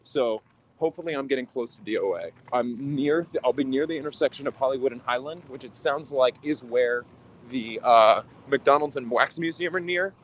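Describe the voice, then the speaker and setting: A man in his twenties livestreaming as he walks city streets, talking in a halting, reflective way with frequent sighs. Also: medium pitch, a little hiss or hum. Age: 20s. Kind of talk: walking livestream talk.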